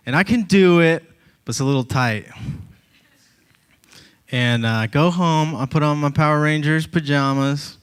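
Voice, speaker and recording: A man doing a stand-up comedy set, telling stories in an animated way and acting out voices, on a club stage with a handheld mic. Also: on the high side, clear, resonant tone. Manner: animated storytelling, acts out voices.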